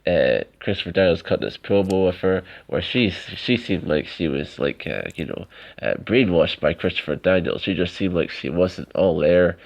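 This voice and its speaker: A man's voice: sits low, highs cut off. A man co-hosting a podcast, chatting casually with lots of filler words. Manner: rambling, many "like" fillers, laughs often. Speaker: podcast co-host. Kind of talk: casual chat recapping wrestling.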